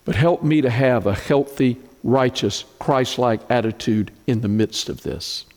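Slow, emphatic preacher in a reverberant hall. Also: male voice, a little mellow. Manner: slow, emphatic preaching with dramatic pitch swings. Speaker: pastor. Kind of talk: sermon.

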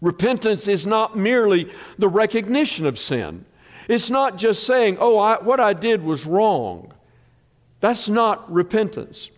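Preacher man with a higher voice in a reverberant hall. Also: sing-song, measured pace. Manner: folksy storytelling, dropping low for asides. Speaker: pastor. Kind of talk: sermon with personal story.

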